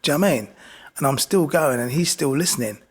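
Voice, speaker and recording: A man's voice: a little high, expressive, quick pace, breathy edge. A middle-aged man, a boxing coach telling stories as a guest in casual chat, often asking "do you know what I mean". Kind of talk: casual storytelling.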